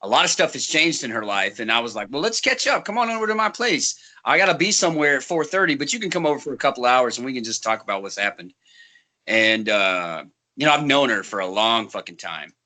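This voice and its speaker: A man's voice: mid-range voice, expressive, quick pace, sharp tone. A man co-hosting a podcast, chatting casually, laughing often and swearing as he tells a story. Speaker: podcast co-host.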